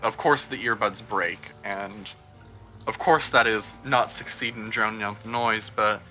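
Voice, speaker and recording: A man's voice: on the low side, steady tone, unhurried, bright, forceful tone, faint music behind. A man playing a tabletop role-playing game, narrating his character's actions with wry asides. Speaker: player.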